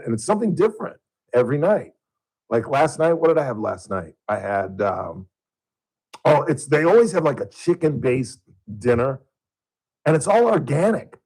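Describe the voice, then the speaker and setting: A man's voice: medium pitch, darkish tone, husky, poor audio. A man in his sixties hosting talk radio from a studio, telling rambling stories in casual chat. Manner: rambling storyteller. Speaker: radio host. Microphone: studio mic.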